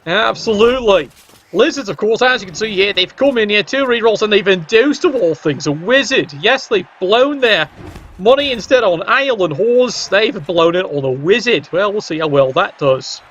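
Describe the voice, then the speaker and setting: A man's voice: high-pitched, animated, normal speed, a bit bright, lo-fi sound. A man giving casual, chatty commentary on a tabletop-style video game, joking with viewers in the chat.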